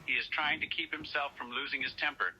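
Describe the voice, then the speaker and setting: A man's voice: mid-range voice, steady tone, a little fast, bright, forceful tone, slight background noise, rough recording. A man on a call who narrates his character in the third person and then acts out his exasperated quoted lines. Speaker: scambaiter posing as a caller.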